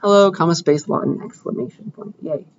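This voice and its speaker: Slight background noise and lo-fi audio surround a man whose voice is a little high and whose pace is normal. As a computer science lecturer in a lecture room, he codes live during class, keeping things casual and regularly checking on his students.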